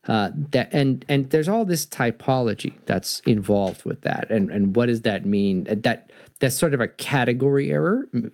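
Animated, gravelly male storyteller host. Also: mid-range voice, no echo, studio quality. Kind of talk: reading and discussing stories on a podcast.

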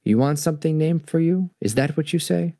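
A man's voice: a little high, brisk, warm tone, no echo, studio quality, pitched above the performer's own voice, close to an everyday voice. A man voicing a big, strong male tiger from a storybook, sly and scheming. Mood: lordly. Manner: sly, teasing storybook read-aloud.

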